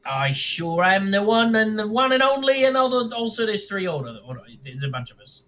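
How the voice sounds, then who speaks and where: A flowery, over-polite adventurer speaks grandly in a high, bright voice, as a man puts him on. The sound is dull and lo-fi, like online call audio. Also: big pitch swings, moderate pace, exaggerated voice. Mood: grandiose.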